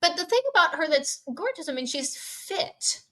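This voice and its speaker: A woman's voice: very high-pitched, expressive, normal speed. A woman guest on a podcast, chatting enthusiastically and laughing along. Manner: warm, enthusiastic complimenting, laughs often. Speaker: podcast guest, emergency doctor. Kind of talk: casual interview chat.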